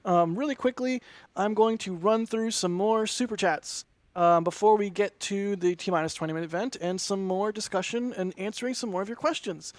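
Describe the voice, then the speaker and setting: A man's voice: high-pitched, normal speed, no echo. A man co-hosting a launch livestream, chatting casually in an effusive, rambling way that keeps interrupting itself. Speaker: livestream co-host. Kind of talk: casual launch-stream commentary.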